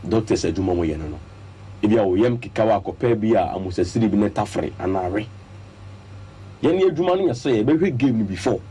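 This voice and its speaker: Ghanaian guy breaking down a football match on radio, lively pitch up and down, really husky voice. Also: quick pace. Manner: animated, emphatic, lists points. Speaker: sports radio analyst. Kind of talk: radio sports talk, Twi-English mix. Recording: radio studio broadcast.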